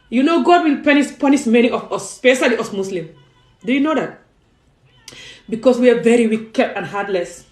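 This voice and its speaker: A woman's voice: on the high side, lively intonation, brisk, a little mellow, roomy sound, low-quality recording. A young adult woman, talking straight to camera in an emphatic, pleading monologue full of rhetorical questions. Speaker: vlogger. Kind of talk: impassioned direct-to-camera monologue. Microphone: phone or camera facing her.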